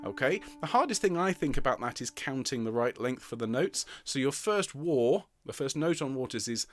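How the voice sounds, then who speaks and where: Her rumbling low voice has lively intonation and a normal speed as she, the choir director, runs an online rehearsal. Patient and encouraging, she counts in and sings brief alto phrases to demonstrate, while a piano accompanies.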